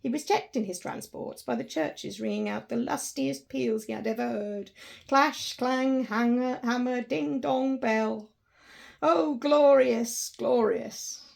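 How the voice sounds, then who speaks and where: A woman narrating a classic story with an expressive, dramatic reading. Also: a little high, unhurried, gravelly.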